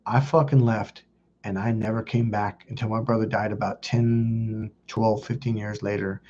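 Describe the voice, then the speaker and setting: A man's voice: lowish voice, little pitch movement, a little mellow, muffled recording, slight background noise. A man hosting a self-help video, telling personal stories in a blunt, profane, casual way. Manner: blunt and profane, quick asides. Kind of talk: casual confessional storytelling.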